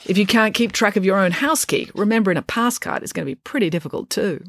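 A woman reading a children's story aloud with a wry, expressive delivery. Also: medium pitch, fast talker, dry recording, studio quality. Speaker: narrator.

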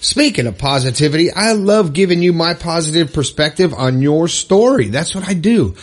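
A male podcast host speaking on his own. His slightly high voice swings up and down a lot as he talks. He sounds encouraging and chatty, and he drifts into casual fillers and restarts. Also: lively intonation, normal speed. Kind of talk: upbeat solo podcast monologue.

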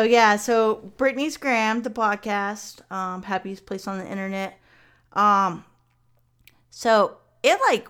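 A woman's voice: mid-range voice, fairly bright tone, clean tone. A woman in her forties co-hosting a podcast, rambling and self-mocking with casual swearing. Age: 40s. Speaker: podcast co-host.

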